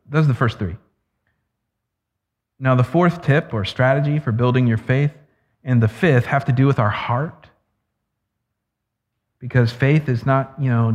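A man preaching a sermon as pastor, earnest and slowing down to stress key words. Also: on the high side. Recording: echoey hall, dull lo-fi sound.

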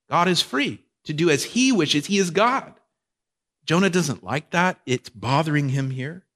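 A man's voice: medium pitch, lively intonation, normal speed, a bit bright. Male pastor, sermon delivery, conversational, engages listeners.

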